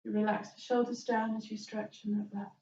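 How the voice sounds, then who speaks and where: Woman, yoga teacher, gentle guided instructions, mid-pitched voice, far from the mic, echoey room. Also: flat delivery, a little fast, a little hiss or hum. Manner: gentle, soothing step-by-step instructions. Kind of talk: guided chair yoga class. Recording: roomy, distant, dull-sounding recording.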